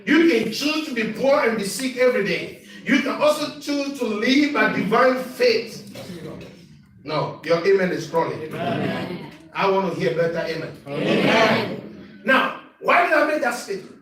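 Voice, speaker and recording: High-voiced preaching man, echoey hall. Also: animated, normal speed, a crowd in the background. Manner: call-and-response preaching, rising to shouts. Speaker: bishop preaching. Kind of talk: sermon. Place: church hall. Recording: echoey church sound from far off.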